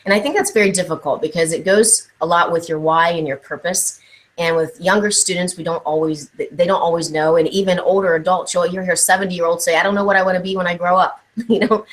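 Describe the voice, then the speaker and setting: A woman with a slightly low voice speaks as a guest on a live online chat, telling stories with energy and acting out each quote. She comes across as an experienced speaker, heard through an online call mic. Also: low-quality recording. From Ohio, USA. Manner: animated storytelling, acts out quotes.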